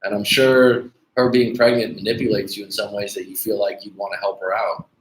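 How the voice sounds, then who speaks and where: A man's voice: lowish voice, little pitch movement, brisk. A man hosting a dating coaching livestream, chatting casually and bluntly with viewers, swearing freely and calling them dude. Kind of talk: casual livestream chat reading viewer comments. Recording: echoey room with faint background noise.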